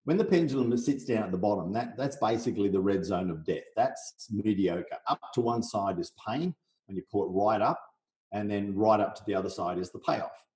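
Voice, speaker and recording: A man's voice: fairly low pitch, brisk. A middle-aged man from Australia, a business coach guesting on a podcast, explaining his method with energy and acting out sales talks, in a roomy recording. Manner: energetic, role-plays sales conversations. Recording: roomy echo.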